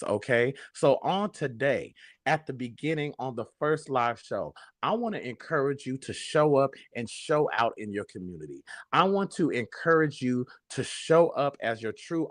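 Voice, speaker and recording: A man hosts a talk show in a sassy, sermon-like manner, calling his listeners baby. His voice sits at a middle pitch. The sound is dry and close. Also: no echo. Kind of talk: casual talk show monologue.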